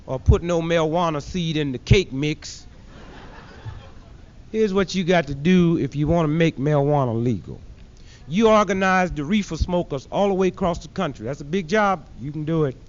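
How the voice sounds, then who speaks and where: A high-voiced man runs a punchy stand-up routine, mocking his targets and slipping into characters as he goes. The sound is dull and muffled, like a 1970s archive tape. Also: normal speed. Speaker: comedian.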